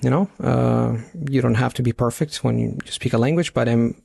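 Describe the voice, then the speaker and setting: Gravelly man looking back thoughtfully. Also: medium pitch, steady tone, normal speed, a little mellow. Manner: reflective, fond of idioms, frequent restarts. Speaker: language learning YouTuber. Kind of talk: reacting to his old video.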